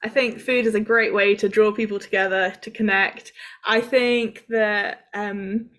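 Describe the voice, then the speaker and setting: A woman, talking as a guest in a quick, informal way with lots of fillers. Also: medium pitch, fairly even intonation, a bit bright. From south of England. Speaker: guest speaker. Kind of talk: conversational interview.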